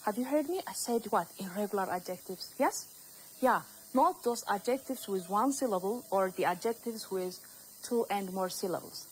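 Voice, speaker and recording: A woman's voice: medium pitch, expressive, normal speed, slight background noise, rough recording. A woman from Ethiopia teaching a recorded grammar lesson, repeating words and asking the class questions as she goes.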